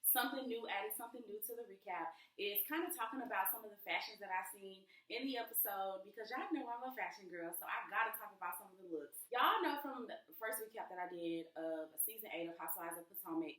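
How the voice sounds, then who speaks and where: A bright-voiced young woman talks to her viewers in a loose, blunt vlog chat, calling them y'all and cussing freely. She sits a little way from the mic in an echoey room at home. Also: mid-range voice, fairly quick, few pauses, recorded from a distance. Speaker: vlogger and reality show recapper.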